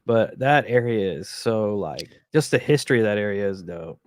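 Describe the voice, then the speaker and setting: A man's voice: lowish voice, animated, normal speed, no room sound, studio quality. Laid-back man chatting on a podcast. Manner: enthusiastic, casual slang, laughs often. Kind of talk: casual chat.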